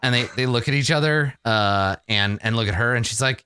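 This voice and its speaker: A man's voice: mid-range voice, brisk, pushed and bright, clean tone, no echo. A man narrating a tabletop game as game master, casual and full of restarts. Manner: casual, many fillers and restarts.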